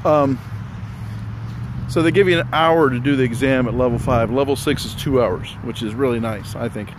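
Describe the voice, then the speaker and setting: Outdoors amid loud wind and rumbling vehicles, a man gives a casual spoken lesson on music theory, explaining step by step in a relaxed, rambling way. His voice is an ordinary middle pitch, a little fast, and he sounds slightly out of breath.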